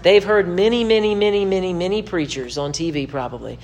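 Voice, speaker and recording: A man's voice: high voice, a little fast, darkish tone. A man preaching to camera in a sermon-style teaching, emphatic and repetitive, his voice climbing when he presses a point. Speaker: pastor.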